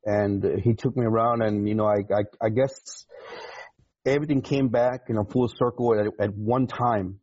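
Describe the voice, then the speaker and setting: A man in his forties, a retired navy chief, telling his story in an interview with emotion, halting and repeating words. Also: on the low side, steady tone, a little mellow, no room sound, muffled recording.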